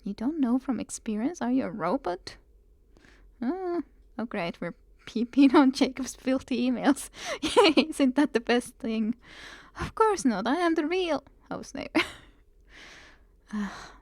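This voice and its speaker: A woman's voice: high-pitched, big pitch swings, slow pace, long pauses, a little mellow, no echo. A woman streaming a game, chatting casually and reading game text aloud. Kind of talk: casual gameplay commentary.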